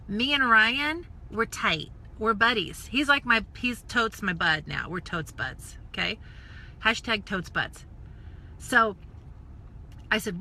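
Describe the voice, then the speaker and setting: A very bright, fairly high female voice telling a story live, lively and chatty. She plays out the voices of the people in her story and now and then drops to a whisper for an aside. A casual coaching stream, recorded on a phone or webcam. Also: slow pace. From United States. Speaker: network marketing coach.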